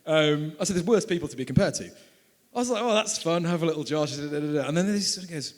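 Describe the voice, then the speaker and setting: British man in his 30s, lively anecdote-teller at a live talk, reverberant hall. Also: on the high side, quick pace. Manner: animated, laughing storyteller. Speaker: author and filmmaker. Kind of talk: storytelling at a book talk. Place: event hall.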